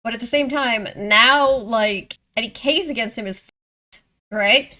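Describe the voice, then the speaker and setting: A woman's voice: on the high side, a little slow, bright, forceful tone. A woman hosting a movie reaction, chatting and exclaiming as she thinks aloud. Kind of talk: casual reaction commentary.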